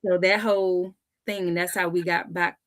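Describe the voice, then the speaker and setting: Animated woman telling a family story. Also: on the low side, moderate pace. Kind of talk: casual storytelling.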